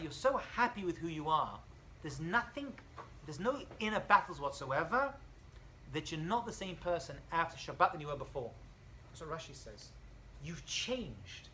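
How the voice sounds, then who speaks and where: Bright-voiced rabbi teaching a class. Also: male voice, on the high side, a little hiss or hum, rough recording. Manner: animated storyteller, acts out dialogue, jokes with students. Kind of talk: informal classroom lecture. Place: college classroom.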